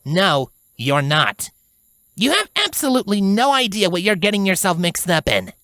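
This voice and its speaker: A woman's voice: lively intonation, unhurried, a bit bright, no room sound, studio quality. A blunt, stern pegasus mare, voiced by a woman. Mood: stern, urgent. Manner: blunt, urgent, low warnings. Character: tough stern female pegasus guard. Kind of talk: fan fiction audiobook reading.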